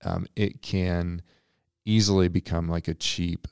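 A man's voice: low voice, little pitch movement, unhurried, gravelly, a little mellow, clean tone, dry recording, studio quality. A man co-hosting a church podcast in a casual, thoughtful way, with fillers and self-deprecating humor. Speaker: pastor and podcast co-host.

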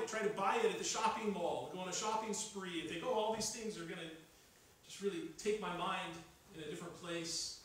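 A man's voice: high voice, a bit bright, slight background noise. A man preaching a sermon as pastor, earnest and building to urgent emphasis, recorded in a church sanctuary. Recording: echoey hall, voice from far off.

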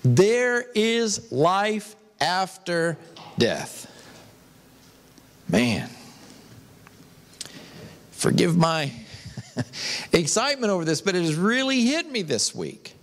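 A man's voice: high-pitched, big pitch swings, drawn-out words, long pauses, big-room sound. A man preaching an emphatic sermon as a pastor, speaking in a church sanctuary.

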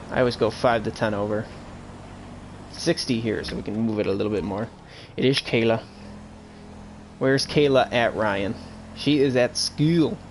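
A man's voice: mid-range voice, a little hiss or hum. A young man chatting casually and rambling while streaming a police role-play game, swearing freely and slipping into officer radio talk.

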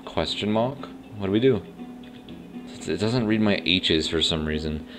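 A man with an extremely deep voice talks his way through a video game, rambling and thinking aloud as he goes. He often admits he isn't sure about things. Faint game music plays behind him. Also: moderate pace, a bit bright. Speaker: let's play host. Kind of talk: casual gameplay commentary.

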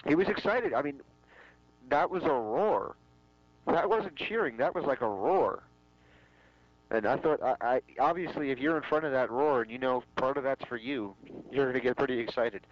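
A man's voice: mid-range voice, normal speed. Blunt teasing guy, lo-fi podcast mic. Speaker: podcast co-host. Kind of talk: casual chat. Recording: dull lo-fi sound.

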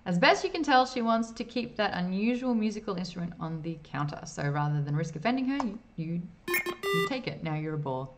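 A woman's voice: medium pitch, sing-song, brisk, background noise. A woman streamer in her thirties, playfully reading game dialogue aloud while playing, putting on voices and adding asides.

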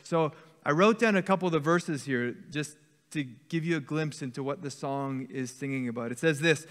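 Pastor guy in his 40s preaching, kinda high voice, chatty, big echoey church. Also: moderate pace, a bit bright. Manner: conversational, often adds "okay?". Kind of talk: sermon. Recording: church hall with long reverb.

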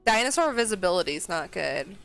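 A woman streamer giving casual commentary on her game, talking to herself and often breaking into excited squeals and exclamations. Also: on the low side, brisk, gravelly, faint music behind.

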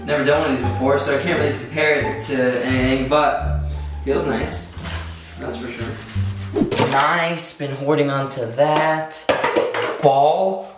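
A man's voice: mid-range voice, measured pace, long pauses, over music. A young man vlogging casually in his bathroom, joking and self-conscious as he rambles. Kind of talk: casual vlog chat. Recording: echoey bathroom, faint noise.

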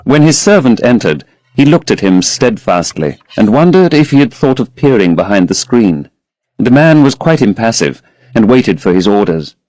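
Lively low-voiced male narrator. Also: no echo. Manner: measured, expressive storytelling. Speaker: audiobook narrator. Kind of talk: audiobook narration of a classic novel.

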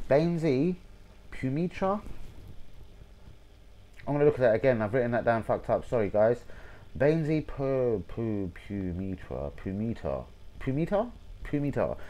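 A young man, hosting a football channel, reading out viewer shout-outs in a chatty, sweary way and stumbling over names. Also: medium pitch.

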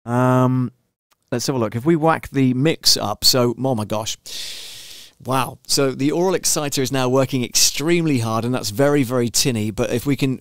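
A man's voice: mid-range voice, no room sound, clean studio sound. A man giving a casual live-stream tutorial on audio mixer settings, chatty and self-deprecating, often checking in with the listener. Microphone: studio microphone through a mixer.

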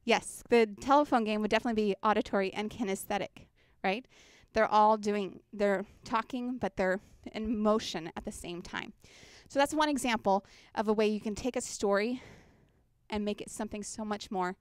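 A woman's voice: mid-range voice, moderate pace, clean tone, no room sound, studio quality. A woman presenting a children's ministry workshop, chatty and engaging, often checking in with her audience on a handheld mic. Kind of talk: workshop teaching. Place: conference workshop room.

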